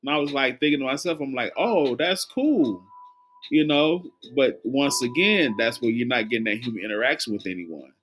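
A woman's voice: very deep voice, a little fast, few pauses, fairly bright tone. A woman with a Southern country accent, co-hosting a casual chat and acting out quoted speech in a jokey way. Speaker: podcast co-host.

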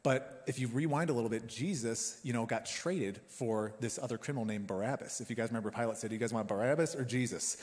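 A man's voice: mid-range voice, fast, hardly any pauses, a little mellow. A man preaching a sermon as a pastor, in a casual, joking, conversational way. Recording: long hall reverb.

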